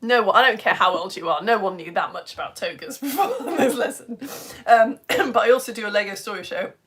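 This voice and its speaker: A woman's voice: medium pitch, animated, brisk, fairly bright tone. A woman teaching a live online lesson, chatting with viewers, greeting them by name and joking about herself. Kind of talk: live-stream chat with viewers. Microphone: home streaming setup.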